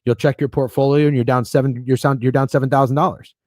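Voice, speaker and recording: A man's voice: medium pitch, fast talker, no room sound. A man hosting a casual sports betting livestream, rambling and swearing freely as he talks through games and bets. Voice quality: profane, rambling, excitable. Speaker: sports betting stream host.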